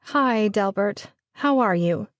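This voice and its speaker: A woman voicing a caring young woman who talks gently and reassuringly. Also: mid-range voice, lively intonation, slow, no echo, clean studio sound.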